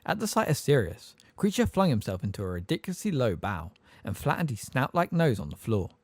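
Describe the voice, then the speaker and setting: A man narrating an audiobook with an expressive, varied reading. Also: medium pitch, brisk, no room sound.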